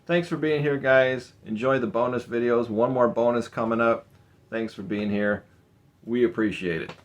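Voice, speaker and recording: Sweaty and worn out in an insulated garage, an American Midwest man talks through his eBay reselling in a rambling, relaxed vlog packed with fillers. His mid-range voice moves at normal speed, and the audio sounds dull.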